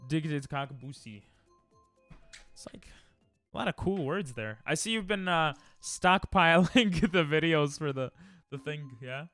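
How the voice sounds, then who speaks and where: A man streaming live, chatting casually and playfully with his viewers, with sudden loud bursts. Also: fairly high pitch, lively intonation, unhurried, faint music behind. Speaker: livestreamer.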